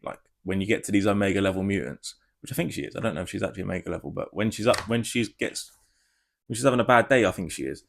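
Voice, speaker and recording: A man giving a casual spoiler review, rambling and excitable, swearing freely. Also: lowish voice, quick pace, creaky, noisy background. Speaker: film reviewer.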